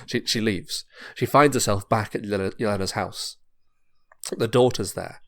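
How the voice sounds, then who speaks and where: A man on a podcast, casually narrating a pitched story, rambling and repeating words. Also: moderate pace, a bit bright. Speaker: podcast host.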